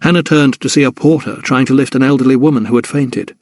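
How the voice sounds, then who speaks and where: Male audiobook narrator, mid-pitched, measured delivery, dry booth sound. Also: dry recording. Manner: measured, even storytelling. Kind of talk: scripted narration.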